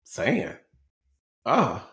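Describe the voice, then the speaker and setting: Laughing, animated man in his forties. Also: very slow. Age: 40s. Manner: animated storyteller, laughs often. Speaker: podcast co-host. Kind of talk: casual chat.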